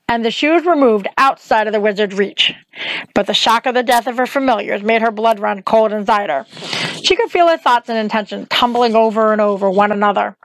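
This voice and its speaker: Woman reading a novel out loud, slightly high voice, dry close mic. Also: dry recording, low-quality recording. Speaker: reader. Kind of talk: audiobook-style novel reading.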